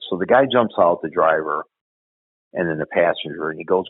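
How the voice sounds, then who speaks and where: A man's voice: sits low, brisk, slightly rough, dry recording. A man, a former police officer, telling blunt, profane stories in casual conversation. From Chicago. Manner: blunt, profane, animated storyteller. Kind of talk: casual storytelling. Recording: tinny phone line.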